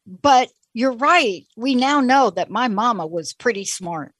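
A woman's voice: on the high side, animated, a little slow, a bit bright, no echo. A woman host in a casual chat, talking in an enthusiastic, folksy way.

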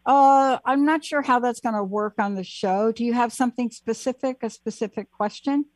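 A woman hosting a call-in talk show, talking in an animated, chatty way and taking callers. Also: a little high, normal speed, dry recording. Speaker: host.

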